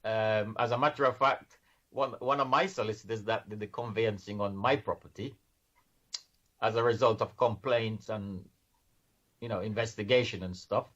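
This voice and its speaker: A podcast guest who works in financial services explains things earnestly in casual interview chat, often restarting his sentences. His voice is on the low side and a bit bright, with fairly even intonation and a normal speed, captured in dull lo-fi sound.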